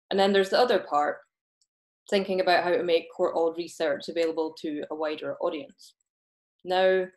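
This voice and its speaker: Scottish woman hosting an online talk. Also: fairly low pitch. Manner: earnest, with small restarts when speaking freely. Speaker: host. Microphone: video call.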